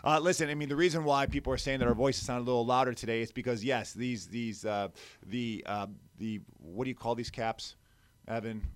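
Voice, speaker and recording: A young man co-hosting a radio talk show in a studio, talking casually with an energetic, teasing manner on a mic with no windscreen. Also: medium pitch, fairly quick, clean tone, no echo. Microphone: studio microphone without windscreen.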